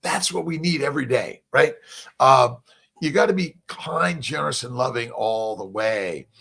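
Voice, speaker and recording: Gravelly husky older man preaching. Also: mid-range voice, lively intonation, moderate pace, fairly bright tone. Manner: folksy, preachy, swears freely, many fillers. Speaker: fertility doctor hosting a morning motivational talk. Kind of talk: rambling motivational talk.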